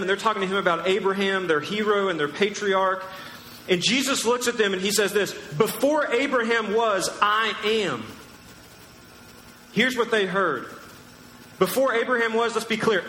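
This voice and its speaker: Emphatic pastor in an echoey hall. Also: male voice, sits high, sharp tone, a little hiss or hum. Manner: emphatic, teacherly, asks the crowd questions. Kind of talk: sermon. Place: large church hall. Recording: echoey church hall with long reverb.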